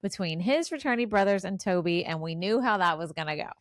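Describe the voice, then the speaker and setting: A woman in her forties co-hosting a casual podcast chat, animated and acting out her own reactions as she talks. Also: lowish voice, quick pace, no echo, studio quality. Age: 40s. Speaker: podcast co-host.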